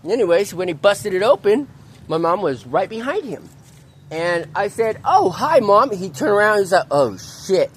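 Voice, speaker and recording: A man's voice: sits high, expressive, moderate pace, a little hiss or hum. A man venting angrily outdoors in a park, swearing often and repeating himself as he rants. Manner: profane, ranting, repetitive. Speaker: vlogger. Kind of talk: angry venting monologue.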